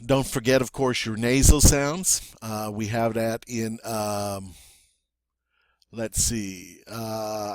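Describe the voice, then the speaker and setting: A patient man teaching pronunciation at an unhurried, slow pace. His voice sits mid-range and is recorded close and dry, with no room sound around it. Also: fairly low pitch, fairly even intonation, no room sound. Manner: patient, repeats words slowly with many "all right?" checks. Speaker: French teacher. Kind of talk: pronunciation lesson.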